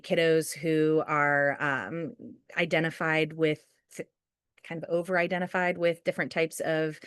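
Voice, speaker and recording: A woman's voice: fairly low pitch, no echo, clean studio sound. A woman leading a school staff training webinar, talking in a chatty way and often asking "right?" to check in with listeners. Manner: chatty, often asks "right?" and acts out quotes. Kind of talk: conversational webinar training talk.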